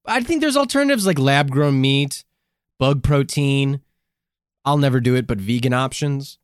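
A man co-hosting a podcast in casual chat, blunt and animated, swearing freely. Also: mid-range voice, normal speed, smooth, dry recording, clean studio sound. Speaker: podcast co-host.

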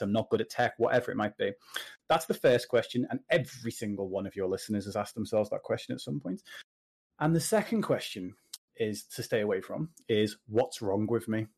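A British man with a lowish voice, chatting as a guest in a relaxed interview. He talks in an animated way, full of jokey asides. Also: slightly rough. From Britain. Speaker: podcast guest, confidence coach. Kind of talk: casual interview chat.

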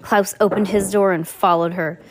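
A woman reading a novel aloud, brisk, with frequent slips and restarts. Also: medium pitch, fairly even intonation, slight background noise. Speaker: audiobook reader.

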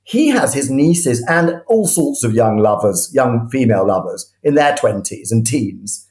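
A man telling history as an animated, enthusiastic storyteller, often restarting his sentences. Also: medium pitch, measured pace, echoey room. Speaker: historian guest.

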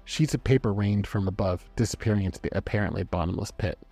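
A man narrating a story aloud in a measured, dramatic reading. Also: lowish voice, gravelly, dark tone, breathy edge, no echo. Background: faint background music.

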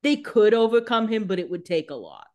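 A woman's voice: mid-range voice, sing-song, fairly quick, darkish tone. Sarcastic woman joking about a show. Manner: sarcastic, joking commentary with swearing. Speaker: podcast co-host. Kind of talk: casual recap chat.

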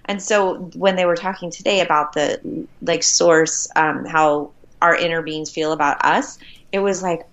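A woman's voice: low-pitched, steady tone, measured pace. A woman co-hosting a podcast, sharing a personal story in an earnest, open way. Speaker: podcast co-host. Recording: dull lo-fi sound.

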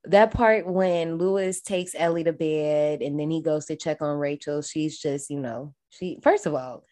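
A woman co-hosting a podcast in casual chat, recapping a film in an animated, profane way. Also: low voice, unhurried. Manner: animated, profane, acts out characters. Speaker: podcast co-host.

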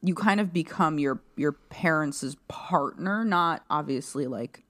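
A woman's voice: deep voice, unhurried, a bit bright. A young woman co-hosting a podcast, talking expressively and playfully, acting out lines in mock voices. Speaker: podcast co-host. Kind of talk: casual chat.

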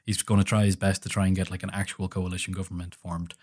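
A man's voice: sits low, flat delivery, fast, darkish tone. A man with an Irish accent co-hosting a podcast, chatting casually, laughing often and swearing in banter. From Ireland. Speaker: podcast co-host.

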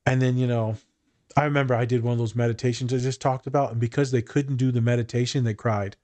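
Man, therapist, casual podcast chat, blunt, swears a lot, jokey, mid-pitched voice. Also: steady tone, fast, darkish tone. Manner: blunt, profane and joking.

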